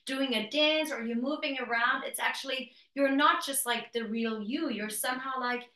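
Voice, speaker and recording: A woman hosts a casual podcast chat, her somewhat high voice bright and forward. She talks loosely and often drops in "like". The recording carries a roomy echo. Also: moderate pace. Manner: chatty, peppered with "like". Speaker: podcast host. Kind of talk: casual interview talk.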